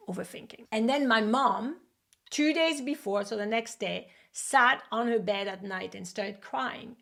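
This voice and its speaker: A woman's voice: medium pitch, gravelly. A woman acupuncture educator telling a personal story in a lesson video, acting out the voices of the people in it. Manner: animated, acts out quoted voices.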